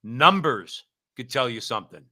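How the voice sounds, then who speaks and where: A man's voice: medium pitch, sing-song, moderate pace, pushed and bright. A man co-hosting a political talk show, speaking emphatically and repeating phrases for stress. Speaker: co-host.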